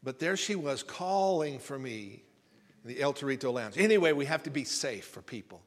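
A man's voice: mid-range voice, expressive, normal speed. A male pastor giving a conversational sermon, folksy and rambling, often repeating words as he builds emphasis. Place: church sanctuary. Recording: reverberant hall sound.

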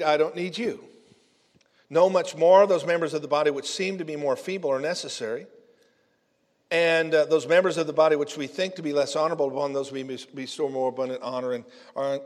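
A male pastor gives an earnest, conversational sermon in a slightly high voice. His words ring out with a long reverb in the church sanctuary.

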